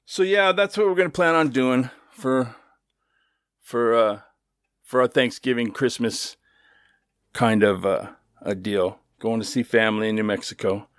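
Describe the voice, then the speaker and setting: A man's voice: medium pitch, measured pace, a bit bright, clear, resonant tone, no room sound, studio quality. A middle-aged man hosting his own podcast, telling a story in a loose, chatty way with swearing and asides. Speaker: podcast host. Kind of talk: casual storytelling monologue.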